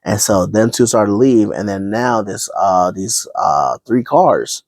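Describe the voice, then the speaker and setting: A man's voice: fairly low pitch, animated, unhurried, darkish tone, dry recording. A man casually retelling a movie plot, rambling, with many fillers and restarts. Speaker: vlogger.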